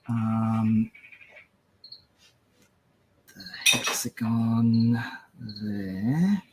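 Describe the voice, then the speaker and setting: A man's voice: a little high, slow, noisy background. A man with an Australian accent, chatting casually on a livestream while drawing, often trailing off mid-sentence. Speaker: comic artist drawing live on stream.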